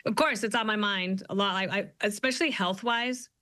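Chatty upbeat woman, the guest author, bright crisp voice, dry close sound, does little voices when she tells stories. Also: medium pitch, fairly quick, no room sound. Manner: chatty and upbeat, animated storytelling with playful quoted voices. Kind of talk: casual interview talk.

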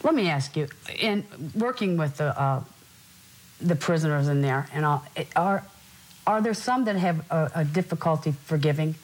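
A woman interviewer asking questions and responding warmly to her guest's stories. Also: low-pitched, expressive, normal speed, rough recording. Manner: responsive, appreciative listener.

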